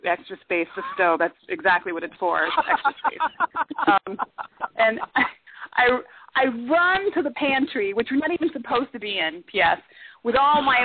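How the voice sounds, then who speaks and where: A woman guest on a radio talk show, telling a story in a lively, casual way and acting out shouted quotes. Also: a little high. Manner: animated, acts out shouted quotes. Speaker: guest, former cooking show contestant. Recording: tinny phone line, faint hiss.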